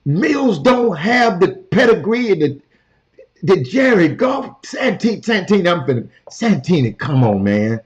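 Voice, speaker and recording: A man's voice: on the high side, very animated, measured pace. A man hosting a sports talk show from a hotel room, talking casually and emphatically, repeating his points and calling out to his cohost and viewers. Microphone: portable camera. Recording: dull lo-fi sound.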